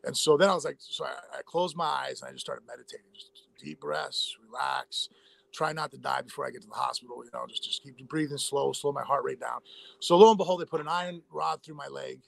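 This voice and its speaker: Fast-talking gravelly man. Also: medium pitch. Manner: rapid, rambling, many fillers and restarts. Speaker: interview guest, former fighter. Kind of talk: casual storytelling interview.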